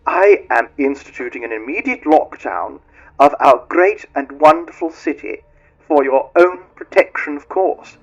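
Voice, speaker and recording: Villain rat lord, pompous and menacing, through tinny pipes, voiced by a man; high, swooping and slow. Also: animated. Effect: tinny muffled speaker pipes.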